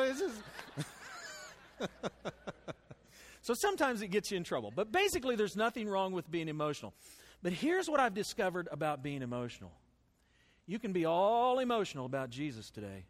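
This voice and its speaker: A man preaching a sermon as pastor, folksy and animated, swinging between loud bursts and soft asides. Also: very high voice. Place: church sanctuary with congregation. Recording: long hall reverb.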